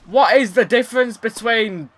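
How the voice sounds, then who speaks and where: Young man, sarcastic let's play commentary, high voice, sharp tone. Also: moderate pace. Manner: frustrated, swearing, sarcastic. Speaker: gaming YouTuber.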